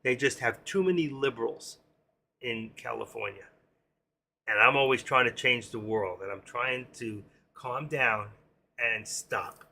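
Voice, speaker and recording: A man's voice: medium pitch, measured pace, vocal fry, pushed and bright. A middle-aged man with a New York accent, chatting casually on his trading live stream and reading viewer comments aloud.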